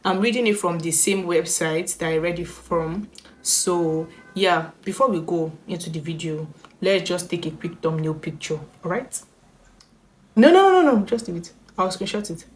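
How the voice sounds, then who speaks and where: A woman's voice: on the low side, steady tone, moderate pace. A woman chats straight to her viewers with bouncy, restless energy, laughing between lines. She reads internet stories aloud and breaks off to comment on them. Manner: bubbly, chatty, laughs often, reads aloud. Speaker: YouTuber. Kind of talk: reaction storytime vlog.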